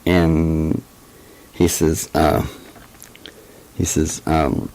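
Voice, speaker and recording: A man's voice: low voice, takes it slowly, long pauses, a little mellow, low-quality recording. A man casually telling a personal story as a channel host, hesitant, with many fillers and restarts.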